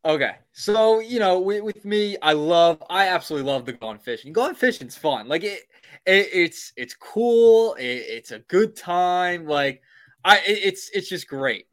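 A young man co-hosting a sports podcast, talking playfully with lots of halting restarts. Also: high voice, animated, fairly bright tone. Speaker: podcast co-host. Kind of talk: casual sports podcast chat.

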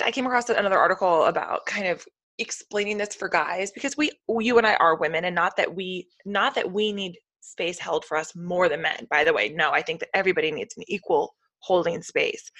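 Lowish voiced woman in her 30s, chatty podcast host on a video call, dry sound. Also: moderate pace, pushed and bright, dry recording. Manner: chatty, acts out toddler and parent voices. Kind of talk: casual chat.

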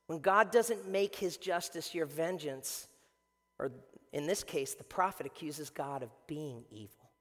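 Animated preacher in an echoey hall. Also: male voice, a little high, a little slow. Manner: animated, swings from shouting to hushed, acts out quotes. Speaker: pastor. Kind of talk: sermon. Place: church sanctuary before a congregation.

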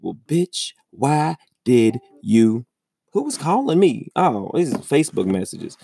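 A young man telling a story in a casual, profane ranting monologue, with his voice jumping high when he gets exasperated. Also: sing-song, unhurried, vocal fry, warm tone, a little hiss or hum. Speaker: vlogger.

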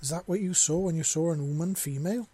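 A man's voice: fairly high pitch, fast talker, mellow, breathy edge, voice pushed up. A man voicing a proud, fiery young female alien huntress in a storybook reading, raising his voice for her. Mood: curious.

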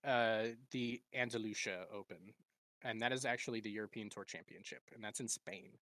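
A man's voice: on the low side, normal speed, sharp tone, dry recording. A man co-hosting a casual podcast chat, laughing often and stumbling over tricky names. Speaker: podcast co-host.

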